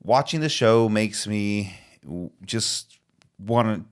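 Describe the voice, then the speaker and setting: A man's voice: on the low side, expressive, slow, clean tone. Earnest middle-aged man podcast host. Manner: earnest, emotional, retells scenes with quoted lines. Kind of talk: casual chat.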